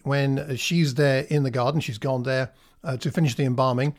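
A man preaching a sermon in a reflective, conversational way, with slow, emphatic pauses. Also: a little high.

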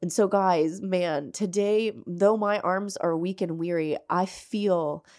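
A woman hosting her own faith podcast, speaking earnestly and through tears, often halting and restarting her sentences. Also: fairly low pitch, darkish tone. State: tearful. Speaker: podcast host. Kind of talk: emotional faith podcast monologue.

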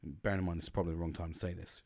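A man's voice: sits low, steady tone, very fast, creaky, darkish tone, no echo, clean studio sound. A man hosting a podcast, telling a rambling, sweary story in a casual monologue. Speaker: podcast host.

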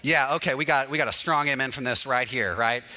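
A man's voice: mid-range voice, a little fast. A man, a pastor, telling a humorous personal story in a sermon and acting out the dialogue. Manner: animated, acts out dialogue with humor. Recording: long reverb of a large hall.

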